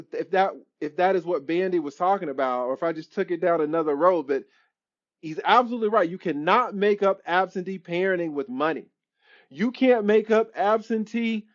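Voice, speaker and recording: A man's voice: sits high, fairly quick, a bit bright, muffled recording. A man who is an attorney, hosting a live stream Q&A and answering viewers in an emphatic, repetitive, preachy way.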